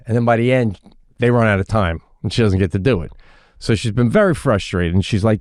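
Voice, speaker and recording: A middle-aged man co-hosting a podcast, telling a story in a casual, animated way and acting out the voices of the people in it. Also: on the low side, fairly quick, no room sound, studio quality. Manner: animated, acts out quoted voices. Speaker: podcast co-host.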